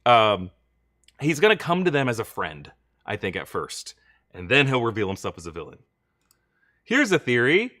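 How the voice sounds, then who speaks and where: Young guy hosting a live q&a stream, chatty, reads chat questions, pretty bright voice. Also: mid-range voice, huge pitch swings, normal speed, long pauses. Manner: chatty, reads viewer questions, thanks donors. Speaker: host.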